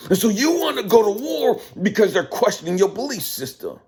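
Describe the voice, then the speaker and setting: A man's voice: sits high, a little mellow, husky. A middle-aged man hosting his channel, delivering a profane, preachy monologue with heavy emphasis. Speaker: channel host. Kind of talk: ranting monologue.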